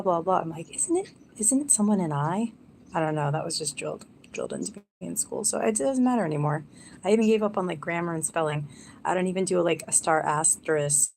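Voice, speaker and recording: A woman's voice: deep voice, gravelly, a little mellow, a little hiss or hum. A young woman rambling casually on a live stream, chatty and self-mocking.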